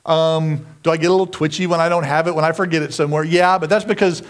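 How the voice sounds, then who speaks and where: A man preaching a sermon, animated and self-mocking, with sudden shouted outbursts. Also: on the high side, quick pace. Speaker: pastor.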